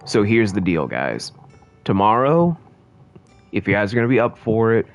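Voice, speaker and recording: A man's voice: on the low side, sing-song, moderate pace, soft background music. A man streaming a game, chatting casually to viewers in a rambling, jokey way. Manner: rambling and jokey, talking to chat. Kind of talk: casual gaming commentary.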